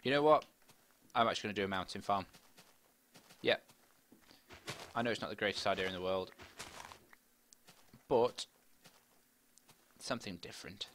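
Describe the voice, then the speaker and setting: A man's voice: on the low side, normal speed, pauses often, slight background noise. A middle-aged man giving rambling, chatty commentary while playing a game. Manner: chatty, rambling, bursts into excited squeals. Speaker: gaming commentator. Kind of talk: casual let's-play commentary. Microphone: desk microphone with face cam.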